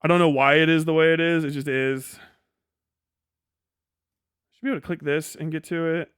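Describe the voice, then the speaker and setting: High-voiced man mocking on a livestream. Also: fairly even intonation, moderate pace, fairly bright tone, clean tone, dry recording, studio quality. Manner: mocking, laughing often, profane. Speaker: livestream host. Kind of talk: casual livestream rant.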